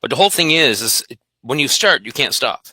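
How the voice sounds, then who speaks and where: A man's voice: medium pitch, very animated, a little fast, sharp tone. A man talking bluntly and emphatically about dog behaviour in a casual conversation, swearing freely.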